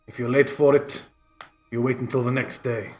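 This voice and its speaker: A man's voice: mid-range voice, level tone, normal speed, darkish tone, soft background music, lightly acted. A man playing a suspicious male town gate guard who questions travellers bluntly, in a tabletop game. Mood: gruff.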